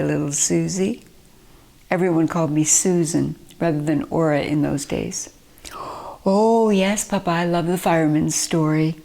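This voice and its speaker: A woman from Nova Scotia reading her own memoir aloud in a gentle, measured storytelling manner. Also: low voice. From Nova Scotia, Canada.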